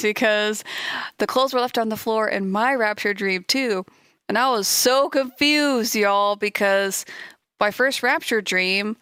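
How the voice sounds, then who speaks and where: An excitable woman chats straight to her viewers, storytelling with lots of animation. Her voice is smooth and clear, recorded close and dry. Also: mid-range voice, no echo. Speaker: video host. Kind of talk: casual chat to viewers.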